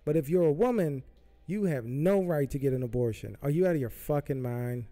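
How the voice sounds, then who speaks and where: A man hosts his podcast in a heated, profane rant that keeps circling back on itself. His voice is mellow and dark. Faint music plays behind him. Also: on the high side, a little fast. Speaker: podcast host. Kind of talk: political rant. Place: Southern California.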